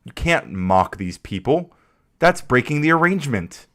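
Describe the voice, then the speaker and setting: A man's voice: medium pitch, sing-song, a little slow, fairly bright tone. A man hosting a live stream, giving heated, emphatic commentary. He swears freely and often repeats himself as he talks. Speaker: streamer host.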